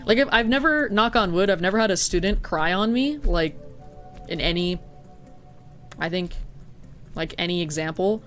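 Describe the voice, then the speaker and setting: A man's voice: high voice, animated, normal speed, pauses often, a bit bright, faint music behind. Rambling, laughing game streamer, a man. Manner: rambling, many "like" fillers, frequent swearing, laughs easily. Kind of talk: casual gameplay commentary, chatting with viewers.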